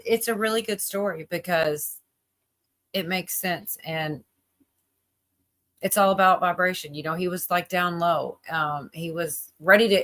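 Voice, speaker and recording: A woman's voice: fairly low pitch, bright, forceful tone. A woman hosting a livestream, chatting casually and rambling with lots of fillers while she reacts to a video. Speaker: livestream host.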